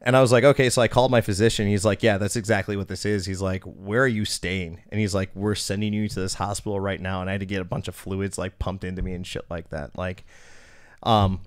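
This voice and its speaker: A young man from Wisconsin hosting a podcast, telling rambling, animated anecdotes with voiced quotes and plenty of profanity. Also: deep voice, quick pace, clear, resonant tone. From Milwaukee, Wisconsin. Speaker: podcast host. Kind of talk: casual storytelling chat.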